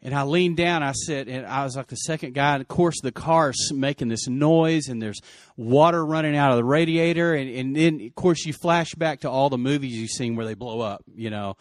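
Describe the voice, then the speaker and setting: A man's voice: mid-range voice, moderate pace, hardly any pauses, dry recording, clean studio sound. Earnest man retelling a roadside crash. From West Texas. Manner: earnest, emotional retelling with many restarts. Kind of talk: personal storytelling.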